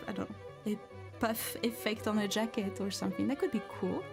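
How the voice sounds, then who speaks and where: A woman's voice: mid-range voice, fairly even intonation, brisk, creaky. A woman with a French accent, a craft streamer in a casual live chat, thinking aloud with many restarts while she beads. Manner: hesitant, thinking aloud, answers chat comments. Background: violin music.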